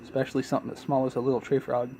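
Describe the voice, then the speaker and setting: A congested man, sick for days, casually narrating as he films and feeds his pets at home, with relaxed, chatty talk and apologetic asides. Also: mid-range voice, racing, a little hiss or hum. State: congested from illness. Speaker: pet keeper filming his animals. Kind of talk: casual narration while filming. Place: home, dimly lit room with tanks.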